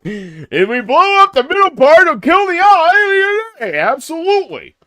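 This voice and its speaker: A man putting on the voice of a gruff, intense action-movie hero who shouts in strained, high bursts. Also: very animated, slow, heavily acted. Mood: frantic.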